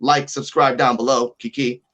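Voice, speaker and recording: A man's voice: mid-range voice, level tone, a bit bright. A man from Puerto Rico, co-hosting a podcast remotely, ranting with profanity in casual chat. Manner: profane, ranting, rapid-fire. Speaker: podcast co-host.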